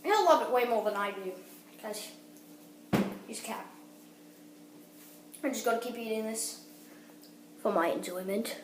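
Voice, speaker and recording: A woman's voice: fairly high pitch, animated, a little slow, pauses often, echoey room, noisy background. A woman giving a goofy, rambling casual how-to vlog, cutting herself off with silly asides. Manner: goofy, rambling, self-interrupting. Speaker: vlogger demonstrating a snack.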